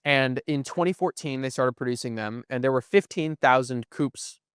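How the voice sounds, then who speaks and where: Young guy rambling on a podcast, keeps going "right?", smooth clean voice, dry sound. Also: medium pitch, normal speed, no room sound. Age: young adult. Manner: explains at length, often adds "right?". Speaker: podcast co-host. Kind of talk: casual chat. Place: museum.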